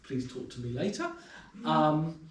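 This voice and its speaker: This is an Englishman chairing a club meeting in a pub room, his voice a touch high with enormous swings in pitch and a slightly slow pace. He introduces people informally, hesitating and saying um often. The audio, from a far camera, sounds roomy and distant, with faint room noise.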